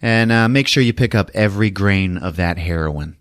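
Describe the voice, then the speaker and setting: Smug, bossy crime boss, as a podcast host puts him on, low voice, dry sound. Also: male voice, normal speed, no echo, natural voice.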